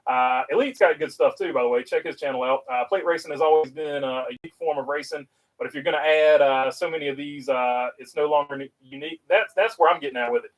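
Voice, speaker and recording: A man's voice: fairly high pitch, fast, distant mic, poor audio. A man with a North Carolina Southern accent hosting a casual livestream, reading viewer chat aloud and rambling with lots of filler uhs.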